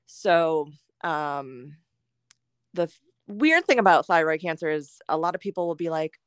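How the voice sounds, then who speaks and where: A woman's voice: deep voice, lively intonation, normal speed, clear, resonant tone, dry recording, clean studio sound. A middle-aged woman talking candidly as a podcast guest, full of fillers and acting out her own thoughts. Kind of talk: candid conversational chat.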